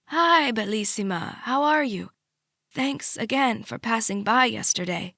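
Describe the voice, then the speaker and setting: A woman narrating an audiobook voices a frail, slightly breathless older grandmother who talks tenderly and teases gently. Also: a little high, lively intonation, measured pace, creaky, dry recording, clean studio sound, exaggerated voice. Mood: affectionate. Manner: tender, doting, gently teasing. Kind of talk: audiobook character voice.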